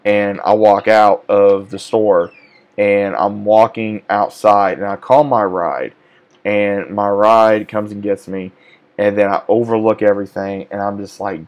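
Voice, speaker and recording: A man's voice: lowish voice, unhurried. A man, casually recounting a work story and acting out the dialogue. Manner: animated retelling, acts out quoted dialogue. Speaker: vlogger.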